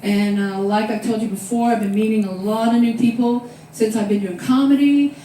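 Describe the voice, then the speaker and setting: A woman performing a stand-up comedy set in a club, telling stories with loud acted-out quotes. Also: a little high, steady tone, normal speed, recorded from a distance, a little hiss or hum. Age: 60s. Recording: very echoey room, voice off-mic.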